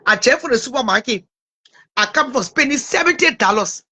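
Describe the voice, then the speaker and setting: Very high-voiced, bright woman. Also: fairly quick, breathy edge. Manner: animated, stumbles over names, talks to her audience. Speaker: livestream host. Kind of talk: casual livestream chat.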